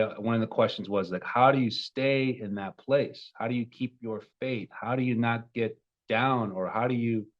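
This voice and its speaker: A man in his twenties, a love coach, telling a personal story with animated, emotional bursts. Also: lowish voice, highs cut off. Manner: emotional, animated retelling with sudden loud peaks.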